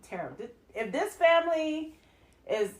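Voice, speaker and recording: A woman co-hosting a casual podcast, recapping a film and acting out characters' lines with jumps into a high voice. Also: moderate pace, echoey room. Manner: animated storyteller, acts out quotes in a high voice, laughs often. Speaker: podcast co-host. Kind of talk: casual movie recap chat.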